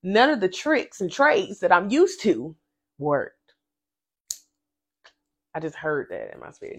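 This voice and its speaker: On her relaxed faith podcast, a woman recounts a personal story directly to listeners, driving points home through lively, emphatic repetition. She has a fairly low pitch, speaks slowly, and pauses often.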